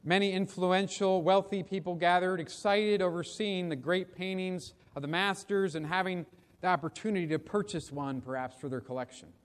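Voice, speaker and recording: Solemn high-voiced preacher in a reverberant hall. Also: male voice. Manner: slow, deliberate, solemn. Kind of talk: sermon storytelling. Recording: long reverb of a big hall.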